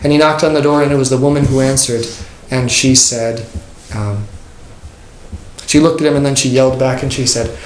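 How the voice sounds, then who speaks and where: A man teaching a church class in a loose, conversational way, with jokes and quick acted-out quotes. His voice has a mid pitch and rings in a reverberant room. A faint hiss sits under it. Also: fairly even intonation. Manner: conversational, joking, acts out quoted people. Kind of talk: informal catechism class. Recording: echoey room with faint noise.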